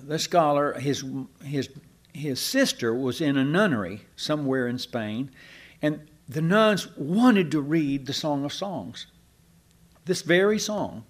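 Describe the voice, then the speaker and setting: An older man preaching a sermon, his voice sitting a little high and swinging widely as he tells stories. He breaks off into asides and restarts his sentences, building to emphatic points. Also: animated, takes it slowly.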